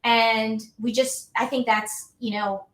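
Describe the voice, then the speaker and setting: A woman's voice: on the high side, fairly even intonation, slow, a bit bright. Chatty upbeat woman, roomy sound. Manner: chatty, upbeat, many fillers like "like" and "you know". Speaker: guest, health and wellness coach. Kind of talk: casual podcast conversation. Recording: roomy echo.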